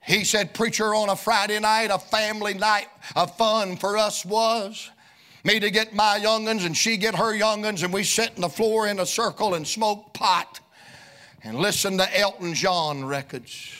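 A male pastor preaching a fervent sermon in a church, shouting and chanting his lines. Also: high voice, fairly even intonation, measured pace.

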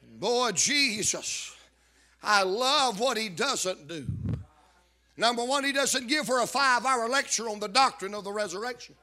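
A man preaching a sermon, repeating call-outs to the congregation and rising into shouted emphasis. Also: very high-pitched, lively intonation, unhurried. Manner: builds to shouted emphasis, calls out "are you listening".

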